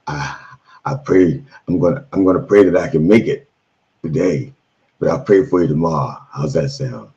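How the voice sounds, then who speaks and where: A man's voice: extremely low pitch, moderate pace, vocal fry, mellow. A man hosting an irreverent comedy sermon stream, with bawdy preacher patter and rambling asides. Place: on the road, in a room away from home. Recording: dull lo-fi stream audio.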